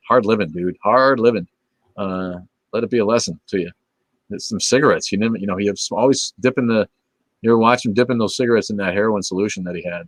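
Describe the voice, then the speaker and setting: A middle-aged man with a lowish voice chats loosely on a livestream, swearing freely and drifting between thoughts. His words often sink into quiet mumbles at the ends of phrases. The sound is dry and close, with little room around it. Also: no room sound. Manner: rambling, profane, laid-back, trailing off into low mumbles. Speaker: livestream host. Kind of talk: casual livestream chat reading viewer comments.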